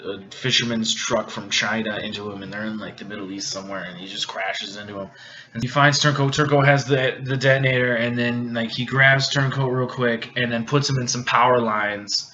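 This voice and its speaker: A man's voice: mid-range voice, steady tone, pushed and bright, lo-fi sound. Drunk man rambling through a plot. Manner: halting, rambling, many restarts and fillers. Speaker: video host. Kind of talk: rambling movie plot retelling.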